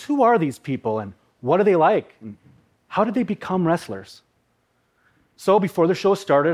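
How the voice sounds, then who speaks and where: A middle-aged man from Minnesota tells a personal story with vivid, emotional animation. His voice sits a little high.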